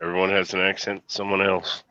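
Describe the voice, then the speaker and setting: A man with a light Southern US accent chatting on a stream, firing off questions with halting restarts. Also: sits low, completely flat delivery, pushed and bright, no echo. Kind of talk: casual chat. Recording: dull lo-fi mic.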